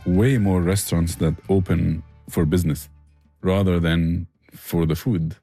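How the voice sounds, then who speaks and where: A very low-pitched man talks about his barbecue cooking in an interview. His voice is dark and mellow, and it sounds dry and close. He speaks earnestly and eagerly, restarting phrases as he goes. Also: fairly even intonation, measured pace, no echo, soft background music. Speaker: barbecue restaurant owner, guest. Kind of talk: conversational interview answers.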